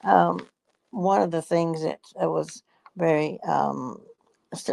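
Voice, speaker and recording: A woman in her nineties with a gravelly voice, a guest talking in a halting, rambling way in a casual chat. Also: sits low, dark tone, dry recording, low-quality recording. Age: 90s.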